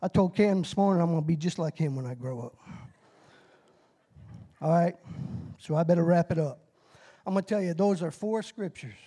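A middle-aged man preaching a short, timed sermon with call-and-response. He is excitable and folksy, laughs at his own nerves, and bursts into shouted whoops. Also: fairly high pitch, moderate pace, long pauses. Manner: folksy, self-deprecating about his nerves. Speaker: lay preacher.

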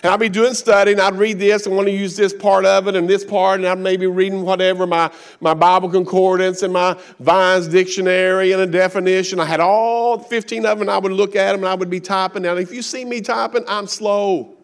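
A man's voice: sits high, flat delivery, brisk, few pauses, clean tone. A middle-aged man with a Kentucky accent, preaching a sermon as a guest speaker in a folksy, joking storytelling manner.

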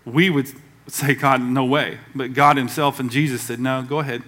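A man's voice: medium pitch, steady tone, moderate pace, a bit bright. A man from the American South preaching a conversational sermon as pastor, acting out quoted voices along the way.

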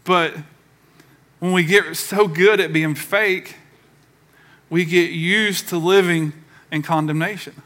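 A middle-aged pastor preaches to his church. His bright voice sits a little high, and he keeps it conversational, slipping into the voices of the people he quotes. The feel is a live sermon in a sanctuary. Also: steady tone, slow, pauses often.

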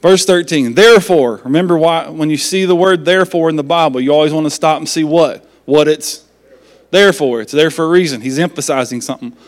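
A man's voice: fairly high pitch, fairly quick. A man pastor, preaching a sermon in a folksy, joking manner.

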